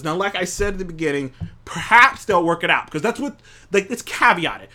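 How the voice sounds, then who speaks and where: A man's voice: sits high, expressive, moderate pace, sharp tone. A man hosting a show, ranting angrily and profanely into a studio mic, with many restarts. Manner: angry, profane, rambling with restarts. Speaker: show host. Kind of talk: heated opinion rant.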